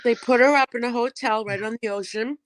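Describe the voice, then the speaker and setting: A woman's voice: fairly high pitch, fairly even intonation, brisk, low-quality recording. A woman in casual chat, easygoing, often quoting her daughter.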